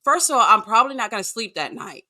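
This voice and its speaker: Sassy woman guest trashing a reality star, bit high voice, bright. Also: very animated, fast talker. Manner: blunt, sassy, profane. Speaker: podcast guest. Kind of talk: casual reality-TV recap chat.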